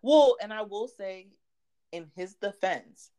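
A woman chatting casually about a TV show, animated and chatty, laughing often. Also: medium pitch, slow, smooth. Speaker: podcast co-host.

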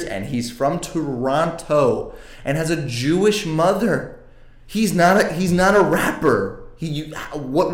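Male podcast host, slow, profane comedic rant with stammers, echoey room. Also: fairly high pitch. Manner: indignant, profane, stammering restarts.

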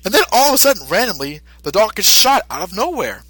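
Lively man rambling through a recap. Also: high voice, fast, breathy edge, no room sound, low-quality recording. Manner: rambling, lots of fillers, laughs easily. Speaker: podcast host. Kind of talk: casual episode recap.

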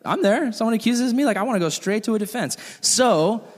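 A young man leading a casual Bible study, talking in a relaxed, conversational way full of asides and fillers. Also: sits high, fairly quick, big-room sound.

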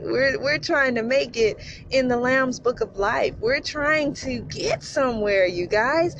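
A woman hosting a faith podcast, speaking emotionally and repetitively, often calling out to her listeners. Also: high-pitched. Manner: effusive, repeats herself, calls out to listeners. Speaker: podcast host. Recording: slightly dull podcast audio, faint room noise.

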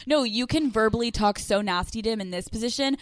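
A woman's voice: a little high, a little fast, no room sound. A young adult woman co-hosting a podcast, talking in crude, profanity-heavy casual banter. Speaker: podcast co-host. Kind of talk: casual chat.

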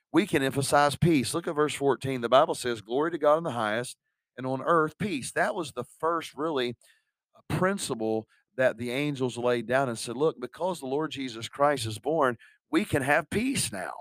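A man's voice: medium pitch, dry recording. A middle-aged man, a pastor preaching a sermon in a conversational way, asking the congregation questions.

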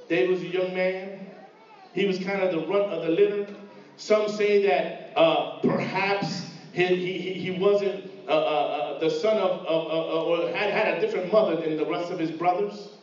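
High voice preacher guy telling a story in a sermon, heard from far off in a big echoey room. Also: normal speed. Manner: storytelling preacher acting out voices, builds to fervor. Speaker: pastor. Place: church sanctuary. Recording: echoey hall from far off, dull.

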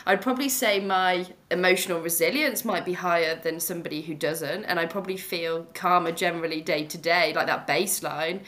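A woman's voice: fairly low pitch, fairly even intonation, a little fast, hardly any pauses, fairly bright tone. A woman, a mindfulness teacher chatting casually on a podcast in a reassuring, talkative way.

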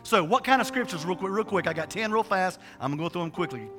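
A man's voice: high-pitched, animated, fast talker, music in the background. A man preaching a sermon and telling a personal testimony, with a rambling, emphatic, colloquial delivery full of restarts and repetitions.

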